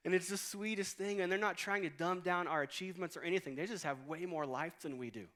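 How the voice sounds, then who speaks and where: A man's voice: sits high, fast, a bit bright. A man in his late thirties preaching a sermon as pastor, in a conversational, storytelling way with humor. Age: 30s. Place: church auditorium stage.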